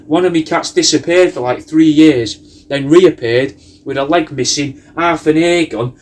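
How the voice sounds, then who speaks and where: A man rambles through a loose comic monologue, swearing freely and tacking "mate" onto his lines. His voice sits a bit higher than most men's. He wanders from one tangent to the next. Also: measured pace. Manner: meandering, sweary, riffing loosely with lots of "mate". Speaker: comedy cameo host.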